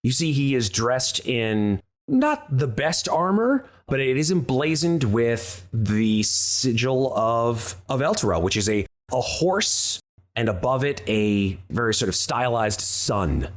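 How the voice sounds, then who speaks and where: A man's voice: mid-range voice, sing-song, takes it slowly. A man narrating a tabletop role-play game as the dungeon master, calling for dice checks and describing scenes.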